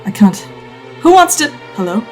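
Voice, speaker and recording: A man's voice: very high-pitched, very animated, normal speed, soft background music, voice pushed up. A woman voicing a shaken, bleeding male sailor who stammers and trails off in confusion. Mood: dazed.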